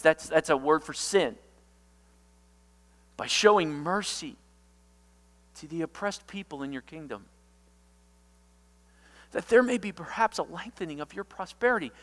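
A male pastor preaching in a church, his lively, high-pitched voice rising and falling dramatically. He talks slowly and deliberately, with a bright, forceful tone. Long reverb from the hall trails after every line. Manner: dramatic, shouts key words, acts out quotes. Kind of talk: sermon.

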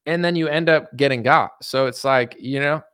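Animated ranting man, dry close mic. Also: mid-range voice, clear, resonant tone, no room sound. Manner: rapid, animated ranting with mocking put-on voices. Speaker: political commentator. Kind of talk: casual political rant.

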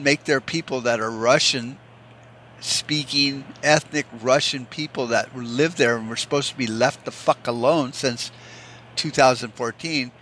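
A man's voice: medium pitch, bright, forceful tone. A man hosting a solo podcast, talking bluntly and sarcastically with lots of swearing, and slipping into mocking voices for the people he quotes. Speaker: podcast host. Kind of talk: opinionated solo podcast rant.

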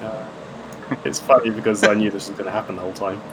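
A man's voice: lowish voice, steady tone, fast talker, background noise. A man running a tabletop game as game master, playful and teasing with the players.

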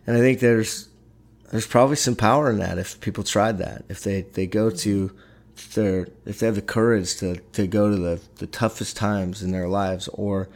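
A middle-aged man tells a personal story in a casual, animated way, with lots of halting restarts. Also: lowish voice.

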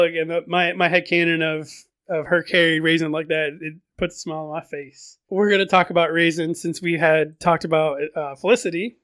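Chatty man with a smooth high voice. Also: a bit bright, no room sound. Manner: chatty, repeats words, many "you know" fillers. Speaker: podcast host recapping a fantasy book. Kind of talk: casual book recap.

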